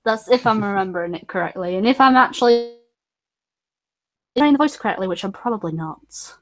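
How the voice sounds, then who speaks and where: A woman's voice: medium pitch, lively intonation, brisk. A woman with a northern English accent, casually chatting on a stream and laughing often. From northern England. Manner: giggly, laughs often between remarks. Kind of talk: casual chat.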